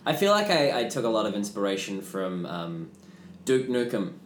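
A man's voice: lowish voice, big pitch swings, normal speed, over a noisy crowd. A young Australian man, a voice actor, chatting casually with his castmates in a rambling, joking way. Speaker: voice actor in an audio drama cast. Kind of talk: casual podcast chat. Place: room shared with other cast members. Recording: roomy with faint background noise.

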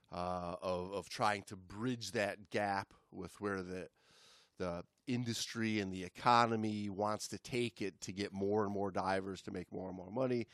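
A man co-hosting a podcast in casual chat, talking in a relaxed, steady, explanatory way. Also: sits low, dry recording, studio quality. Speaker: podcast co-host.

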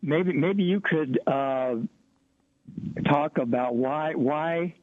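A man's voice: fairly high pitch, very slow, no room sound. A man from Missouri calling in to a radio show, hesitant and full of restarts. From Missouri, USA. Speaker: caller. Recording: tinny phone line.

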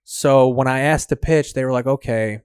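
Young man, loose profane chat, mid pitch, dry close mic. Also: flat delivery, moderate pace, a little mellow, smooth, dry recording. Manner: profane, laughing, uses "dude" a lot. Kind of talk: casual chat.

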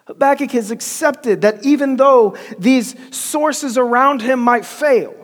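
High-voiced man preaching in church. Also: slow pace. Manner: storytelling, conversational preaching with call-and-response. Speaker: pastor. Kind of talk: sermon. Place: church sanctuary. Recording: long church-hall reverb.

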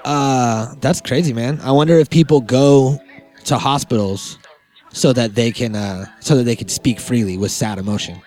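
A man's voice: medium pitch, moderate pace, a little mellow, faint music behind. A man co-hosting a casual podcast chat, joking and swearing, acting out little made-up quotes. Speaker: podcast co-host.

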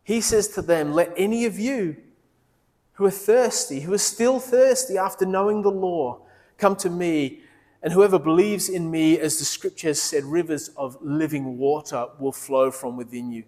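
A man preaching a sermon in a church, earnest, dropping low and soft when he quotes Jesus. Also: normal speed. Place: church hall. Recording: long reverb of a large hall.

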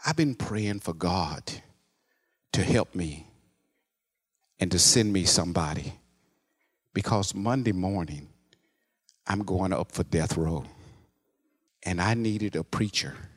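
A man voicing a quiet male jail inmate facing death row, speaking low and earnestly. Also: expressive, takes it slowly, pauses often, heavily acted. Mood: hushed, earnest.

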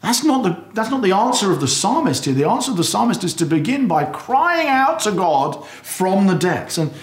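A man preaching a sermon, earnest and conversational, acting out anguished prayers loudly. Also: sits high, sing-song, normal speed. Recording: echoey hall.

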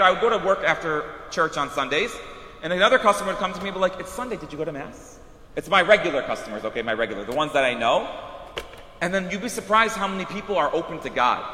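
A high-voiced priest preaching from the front of a church, his bright, ringing tone bouncing off the walls. He tells stories in an animated way, full of asides. The sound carries a long, echoey church reverb. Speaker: Catholic priest. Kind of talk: sermon.

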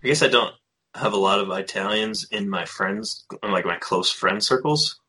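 Low, husky-voiced laid-back man. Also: bright, forceful tone. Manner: laid-back, quick to laugh. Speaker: podcast co-host. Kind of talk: casual chat. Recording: home room, dogs and dripping audible.

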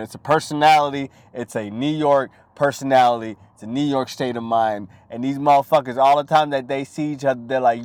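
A young man hosts his own show in a loose, profane monologue, jumping between topics. His voice sits at an ordinary pitch and sounds dry and close, with no room around it. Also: no room sound. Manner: profane, rambling, animated impressions. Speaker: podcast host. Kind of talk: crude comedic monologue.

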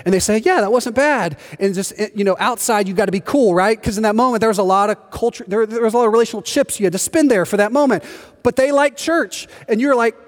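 A man preaching in a big church hall, his voice carried by a long reverb tail. He pitches a touch higher than most men and tells stories lively, acting out the people he quotes. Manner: animated storytelling, acts out quoted voices. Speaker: pastor. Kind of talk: sermon.

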